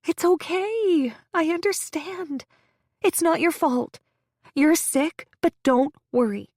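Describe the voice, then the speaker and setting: A woman voicing an overbearing, tearful young woman who gushes over her best friend in a shrill, drawn-out voice. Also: a little mellow, no room sound, studio quality, heavily acted. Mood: gushing. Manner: gushing, over the top.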